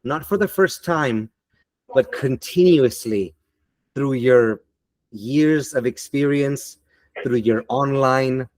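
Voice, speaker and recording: A man giving an online teaching webinar in a deliberate, emphatic and motivational way, on a computer mic over a video call. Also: medium pitch, a little mellow, dry recording.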